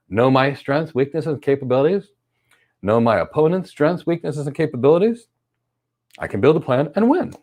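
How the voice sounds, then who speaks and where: A man's voice: mid-range voice, darkish tone. A middle-aged man hosting a live stream career talk, emphatic and repeating his key phrases. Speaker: host.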